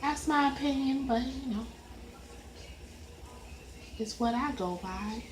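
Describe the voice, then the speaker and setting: Woman, Southern accent, high voice, unhurried rambling chat, echoey room. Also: soft background music. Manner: rambling, chatty, slow and easygoing. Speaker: coloring video creator. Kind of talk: casual chat while coloring. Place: at home at a coloring desk.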